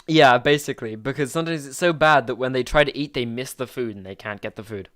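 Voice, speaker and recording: A man's voice: mid-range voice, quick pace, fairly bright tone, dry recording, clean studio sound. A man hosting a casual podcast, rambling and restarting his sentences. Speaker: podcast host.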